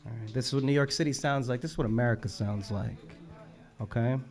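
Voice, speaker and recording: A man's voice: medium pitch, fairly quick, a little mellow. A young man hosts a live poetry open mic, and his voice sits in a middle register. He talks casually and with big enthusiasm, swearing freely and quoting performers' lines back to the room. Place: live event venue.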